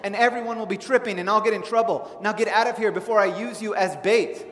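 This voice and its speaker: Man doing a gruff, grumpy pier fisherman. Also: sits high, fast talker, a bit bright, pitched above the performer's own voice. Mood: annoyed. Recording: echoey hall, faint ambience.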